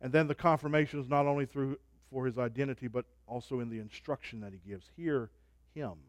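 A man preaching a sermon, swinging from soft, low asides to loud, rising proclamations. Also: brisk, no room sound.

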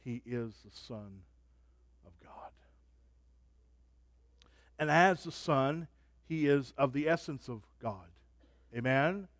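A man preaching a sermon, swinging from soft, low asides to loud, rising proclamations. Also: lively intonation, slow pace, pauses often, dry recording, studio quality.

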